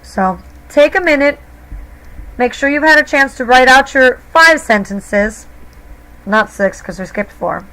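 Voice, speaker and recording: High-voiced woman teaching Spanish grammar. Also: animated, unhurried, pushed and bright, low-quality recording. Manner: patient, explains step by step with classroom fillers. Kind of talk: recorded classroom grammar lesson.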